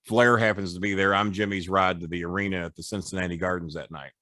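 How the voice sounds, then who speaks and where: A man's voice: deep voice, fast talker, no echo. Profane old storyteller man, dry close sound. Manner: animated storyteller, profane, doing voices. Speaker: guest, former wrestling manager. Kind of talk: podcast storytelling.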